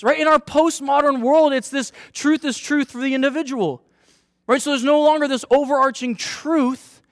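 A man in his thirties, a pastor, preaching a sermon in a chatty, animated way and telling a self-mocking story about his family. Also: extremely high pitch, no room sound, studio quality.

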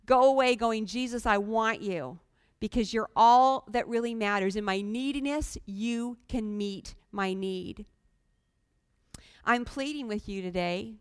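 A woman's voice: a little high, fairly bright tone, clear, resonant tone, dry recording, studio quality. A woman preaching a sermon, earnest and pleading, talking plainly to the congregation with sudden emphatic rises. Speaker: guest preacher.

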